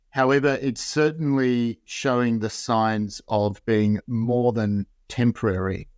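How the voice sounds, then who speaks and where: A man being interviewed, giving a measured analysis built from long, carefully qualified sentences. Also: lowish voice, no echo, studio quality. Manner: measured, builds points in long qualified clauses. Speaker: interview guest.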